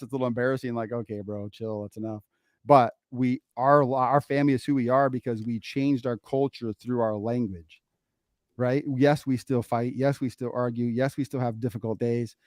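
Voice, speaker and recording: A middle-aged man co-hosting a casual podcast, telling family stories in an animated way and repeating phrases for emphasis. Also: mid-range voice, normal speed, dry recording, clean studio sound. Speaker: podcast co-host, father.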